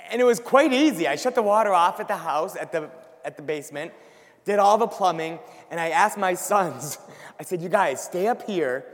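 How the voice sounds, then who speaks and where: A middle-aged man who works in ministry, telling a self-deprecating story as part of a sermon in an animated way. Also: sits high, normal speed. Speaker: ministry worker giving a talk. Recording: long hall reverb.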